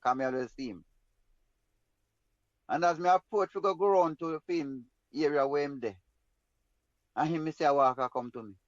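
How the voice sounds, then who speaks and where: A man's voice: on the high side, normal speed, long pauses, no room sound, lo-fi sound. A man with a Jamaican accent telling a personal story in an emphatic, rambling way in patois. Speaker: guest storyteller.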